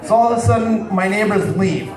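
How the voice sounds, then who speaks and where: Crude stand-up comic in a rowdy bar. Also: male voice, sits high, brisk. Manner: crude, storytelling, talks to the crowd. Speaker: stand-up comedian. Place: bar with live audience. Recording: roomy bar sound, distant mic, crowd noise.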